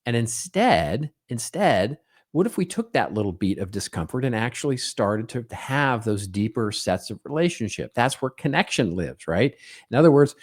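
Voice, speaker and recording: A middle-aged man hosts a solo podcast monologue in a mid-range, slightly rough voice with big pitch swings at normal speed. Though normally a co-host, he talks conversationally, tacking "right?" onto his points and acting out small quoted exchanges.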